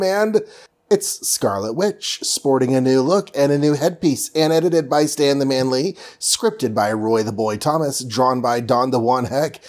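A man's voice: medium pitch, a little mellow. A man recapping a comic book in a casual, playful, rambling way with many fillers.

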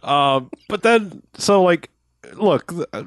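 A man's voice: sits high, expressive, slow pace, dry recording. A man in casual podcast chat, rambling in a laid-back way about a movie, with lots of fillers. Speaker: podcast co-host.

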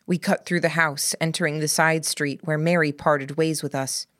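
Woman audiobook narrator, low and slow, dry close sound. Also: fairly even intonation, a bit bright, no room sound. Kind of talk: scripted narration.

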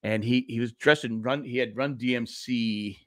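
A man in his sixties, a podcast co-host telling a long story in casual chat, animated and acting out the voices of the people in it. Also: mid-range voice, moderate pace, no echo, clean studio sound. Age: 60s.

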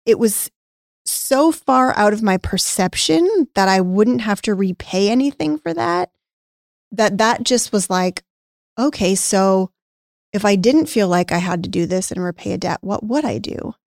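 A woman with a middle pitch and a gravelly fry tells a personal story on a podcast. She talks candidly and re-enacts past conversations, turning emotional at times. Her voice sits close and dry on the mic. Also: expressive, a little slow, no echo. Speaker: podcast co-host, former nutrition practice owner.

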